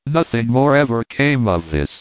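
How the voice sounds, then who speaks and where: A male narrator reads a classic sea story at a steady, measured pace. The recording is tinny and band-limited, like a phone line. It is also completely dry. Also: medium pitch, no room sound. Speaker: audiobook narrator. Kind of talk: scripted narration.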